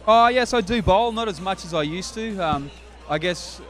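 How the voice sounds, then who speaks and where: A man's voice: high-pitched, lively intonation, normal speed, a bit bright. Hesitant Australian man. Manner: hesitant, lots of fillers. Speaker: equipment distributor, guest. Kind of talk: interview.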